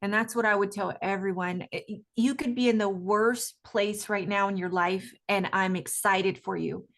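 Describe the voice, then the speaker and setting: A woman's voice: medium pitch, steady tone, normal speed, a bit bright. A woman guest coach speaking energetically in an interview, emphatic and often laughing. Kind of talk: enthusiastic interview talk.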